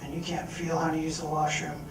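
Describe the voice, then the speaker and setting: Young man, fairly high voice, earnest animated storytelling, roomy hall, mic at a distance. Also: fairly quick, over music. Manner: earnest, animated storytelling with strong rises in volume. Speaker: speaker at a fundraising event. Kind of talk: personal story told on stage. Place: event hall.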